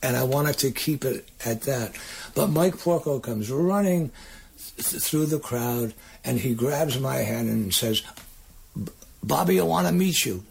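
An older man, a singer-songwriter guest, telling rambling, halting stories in a casual interview. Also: mid-range voice, a little mellow. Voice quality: raspy, gravelly.

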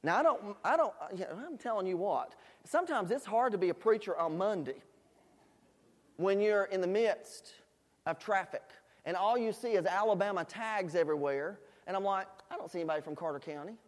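A man's voice: high voice, animated, moderate pace. A man preaching a sermon, telling folksy stories with asides to the congregation. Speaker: pastor. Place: church sanctuary. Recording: long hall reverb in a church.

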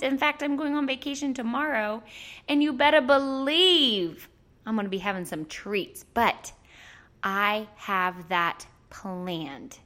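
A woman coaching in a casual, chatty way, playful and quick to laugh as she explains. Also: a little high, a bit bright. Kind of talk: casual teaching to camera.

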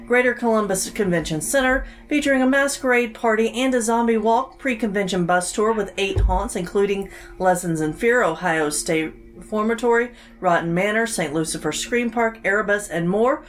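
A woman's voice: mid-range voice, moderate pace, hardly any pauses, soft background music. A woman co-hosting a podcast, reading event listings with easygoing dry quips. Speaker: podcast co-host.

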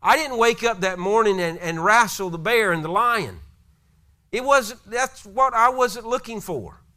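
A man's voice: high voice, animated, a little slow, pushed and bright, pitched above the performer's own voice, heavily acted. A man voicing a humble, earnest young shepherd king as he retells a story in a sermon.

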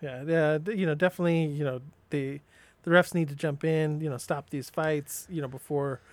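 An agreeable man co-hosting a casual podcast, talking hesitantly with plenty of fillers. His voice is fairly high for a man, and the recording is dry and close with no room sound. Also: steady tone, normal speed, dry recording. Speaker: podcast co-host. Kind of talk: casual chat.

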